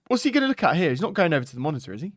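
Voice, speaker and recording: A man hosting a live football watchalong, excitable and chatty, talking to his viewers. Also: fairly high pitch, racing, no echo, studio quality. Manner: excitable, chatty, laughing, talks to the chat. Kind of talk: live match watchalong chat.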